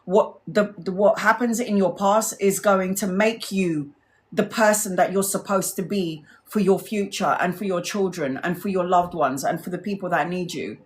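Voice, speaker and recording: A woman's voice: fairly low pitch, normal speed. Woman, tarot live-stream host, earnest, emotional, blunt, swears freely. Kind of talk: heartfelt casual live-stream chat.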